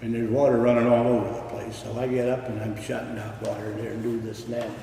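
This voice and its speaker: An older man from Michigan spins his stories bluntly, cursing freely. His voice is mellow and unhurried. It comes from a distance, with a long ring of room echo and faint hiss behind it. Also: mid-range voice, little pitch movement. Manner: salty storytelling with swearing. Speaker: retired railroad worker. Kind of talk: oral history interview.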